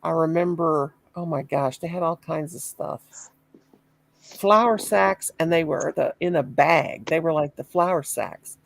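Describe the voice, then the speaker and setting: Middle-aged woman, gravelly voice, dry close sound, animated storyteller in casual chat. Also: deep voice, a little slow, no echo, poor audio. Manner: animated storyteller, laughing, exclamations. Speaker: chat participant.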